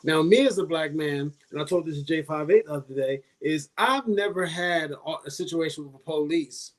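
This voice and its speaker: Male co-host with a slightly high voice, rambling and hesitant. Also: a little fast. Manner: rambling, hesitant, many restarts and fillers. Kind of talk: casual podcast discussion.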